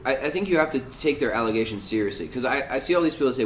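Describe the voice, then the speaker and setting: A man in relaxed podcast chat, circling his point with halting restarts and fillers. His voice sits at an ordinary middle pitch. The room rings audibly, with a faint hiss behind him. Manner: hesitant, many restarts and fillers. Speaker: podcast co-host. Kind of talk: casual political chat. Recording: echoey room with faint noise.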